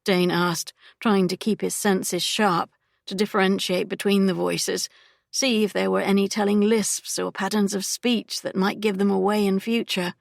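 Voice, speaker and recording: A woman narrating an audiobook in a steady, even storytelling manner. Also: medium pitch, moderate pace, vocal fry, dry recording, studio quality.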